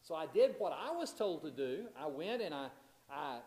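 A man with a somewhat high voice teaches a Bible lesson in a church room that has a clear echo. He reads scripture aloud and then explains it in his own words, often restarting a phrase as he goes. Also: big pitch swings, moderate pace, darkish tone. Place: church classroom.

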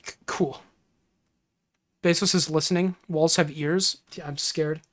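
A woman's voice: low voice, fairly even intonation, measured pace. A woman game streamer chatting casually on a livestream, giggly, rambling and easily flustered.

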